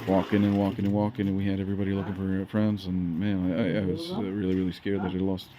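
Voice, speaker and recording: Deep-voiced man rambling with many fillers. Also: little pitch movement, quick pace, crowd noise. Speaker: vlogger. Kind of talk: casual rambling chat.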